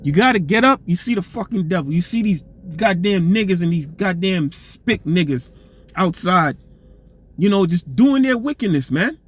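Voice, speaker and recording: A man's voice: high-pitched, lively intonation, moderate pace. A man preaching informally and reading scripture aloud, in a loose, profane street-talk manner, tagging phrases with "man" and restarting words, his voice getting strained.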